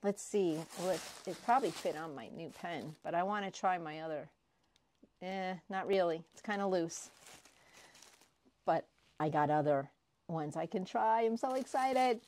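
A woman crafting vlogger unboxing prizes she won, gushing and excitable, often repeating herself. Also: lowish voice, normal speed. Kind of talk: casual unboxing vlog.

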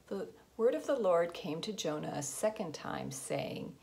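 A woman reading a Bible lesson aloud in a steady manner. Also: lowish voice, unhurried, vocal fry, few pauses. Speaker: lector. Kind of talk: scripture reading.

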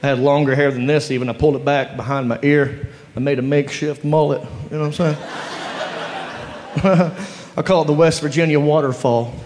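A man telling an animated stand-up story, laughing through his lines. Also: fairly high pitch, brisk, long reverb tail. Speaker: stand-up comedian. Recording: live stand-up with audience noise. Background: audience laughter.

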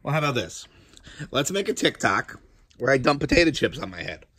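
A man hosting a casual family vlog at home, playful and goofy, bursting into shouts and laughter. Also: mid-range voice, very animated, brisk, slightly rough, low-quality recording. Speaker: vlog host. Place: at home indoors.

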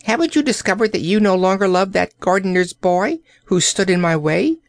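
A man's voice: high voice, sing-song, normal speed, no echo, clean studio sound, pitched above the performer's own voice. A man voicing a greedy, pompous old male courtier who demands and rants in a raised voice. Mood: demanding. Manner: demanding, shouts in outrage.

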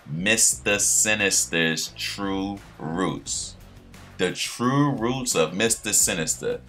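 A young man with a low, bright, forceful voice talks through a recap in loose slang, rambling and restarting his sentences. Faint guitar music plays behind him. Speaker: show recap host. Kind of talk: casual recap commentary.

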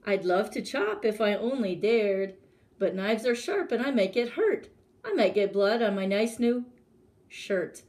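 A woman voicing a timid, trembling male cook who wails in a shrill, panicky voice. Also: animated, measured pace, darkish tone, close to an everyday voice. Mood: scared.

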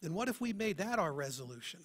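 A man's voice: high-pitched, very animated, fast talker. A man preaching a sermon as pastor, talking earnestly and asking his listeners many rhetorical questions. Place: church.

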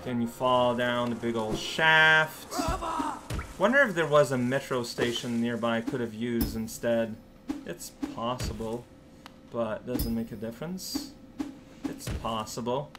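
A let's play host chats casually and playfully while gaming, rambling to himself and to the on-screen characters. His voice is medium-pitched and unhurried, with game music underneath.

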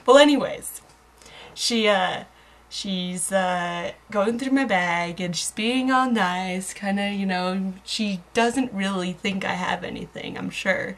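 A young woman from America rambles to her webcam in a casual video blog. Her voice sits at a middle pitch, jumps up when excited and sinks into quiet murmurs at her own jokes. A faint hum lies behind her. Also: a little slow. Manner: rambling, self-mocking, giggly, drops to murmurs. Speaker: vlogger.

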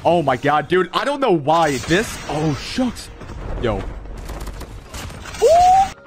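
With big swings in his fairly high voice, a young man gives a slightly slow but hyped play-by-play of a mobile shooter, exclaiming often and speaking directly to his chat. Faint music plays behind him on a low-quality recording.

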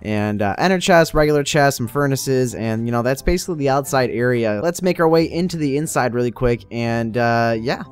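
A man's voice: mid-range voice, smooth. Young man chatting over his Minecraft build. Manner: chatty, upbeat, talks straight to viewers. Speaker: Minecraft YouTuber. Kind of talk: casual gameplay commentary.

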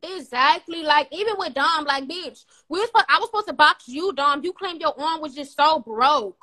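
A high-voiced woman chatting on a live stream. Her talk is brash and profane, and she brushes off her critics bluntly. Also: lively intonation, normal speed, sharp tone. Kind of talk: casual live stream chat.

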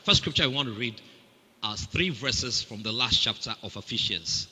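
Ghanaian preacher guy, super bright cutting voice, big church hall echo, keeps asking the crowd to say amen. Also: medium pitch, normal speed, breathy edge. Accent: Ghanaian English. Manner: animated, banters with the congregation. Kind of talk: sermon with call-and-response.

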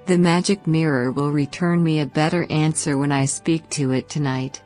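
A woman's voice: low voice, steady tone, normal speed, warm tone, faint music behind, close to an everyday voice. A woman voicing a vain, wicked queen in a storybook read-aloud, sneering and spiteful. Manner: sneering, sighing, chanting.

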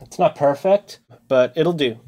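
A man's voice: fairly high pitch, unhurried, soft background music. Easygoing man musing in his studio. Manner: relaxed, thinking aloud while composing. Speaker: music composer and video host. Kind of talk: casual studio vlog narration. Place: home music studio with synthesizers.

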